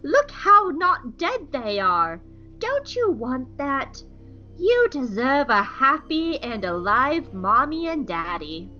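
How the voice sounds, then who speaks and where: A woman putting on the voice of a scheming old male villain who hushes and coaxes in a soothing whisper. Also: high-pitched, very animated, takes it slowly, highs cut off, faint music behind, full character voice. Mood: coaxing. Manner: soothing, shushing, wheedling.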